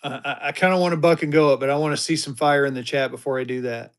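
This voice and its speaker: A man's voice: medium pitch, fairly even intonation, fast talker, smooth. A man hosting a live-stream auction, chatting upbeat with bidders and hyping each item as he sells it.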